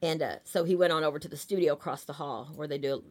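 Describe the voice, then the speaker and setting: A woman's voice: low-pitched, fast, darkish tone. A woman, telling rambling anecdotes in a casual interview, full of fillers. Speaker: talent agent, guest.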